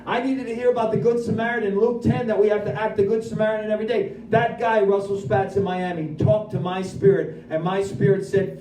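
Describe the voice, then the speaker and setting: A man giving a lively personal recovery testimony at a speaker meeting, acting out his own dialogue as he goes. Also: high voice, fairly quick, hardly any pauses, a little hiss or hum. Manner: animated storyteller who acts out his own dialogue. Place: meeting room at a recovery center. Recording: echoey room, voice from far off.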